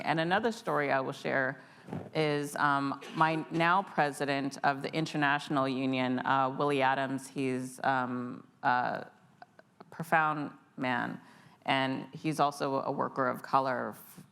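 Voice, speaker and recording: Forties woman with a deep voice telling stories on a panel, acts out the voices. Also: fairly bright tone. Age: 40s. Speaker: union panelist. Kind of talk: storytelling on a panel. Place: convention hall.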